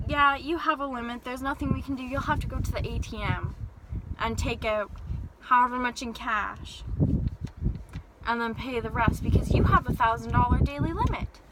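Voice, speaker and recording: A young woman telling an animated, exasperated story-time rant from her parked car. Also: high voice, normal speed, long pauses, heavy background noise. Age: young adult. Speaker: vlogger.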